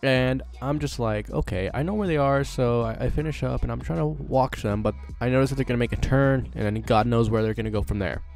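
A man's voice: medium pitch, brisk, gravelly, hardly any pauses, darkish tone, soft background music. A teenage boy telling a story casually to camera as a vlogger, rambling and swearing with lots of fillers.

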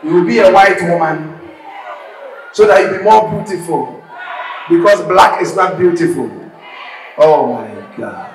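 A man with a Ghanaian accent giving an emphatic, repetitive speech to school students, often breaking into shouts. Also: fairly high pitch, a little slow, long pauses, some chatter behind. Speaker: motivational speaker addressing students. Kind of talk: preaching-style speech to a school crowd. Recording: echoey hall with faint background noise.

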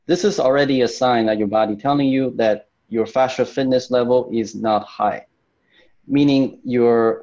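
Male fitness coach guest, warm mellow tone, earnest and explanatory, slightly dull video-call audio. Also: mid-range voice. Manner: earnest, repeats words while finding phrasing. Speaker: fascia training coach, guest. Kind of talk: explanatory interview answer.

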